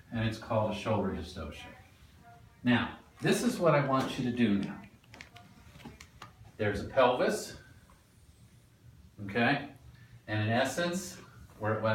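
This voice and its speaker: A man giving a classroom lecture, animated and quizzing the class as he explains. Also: fairly low pitch, a little hiss or hum. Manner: animated, asks the class questions. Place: lecture room. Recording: echoey room, mic at a distance.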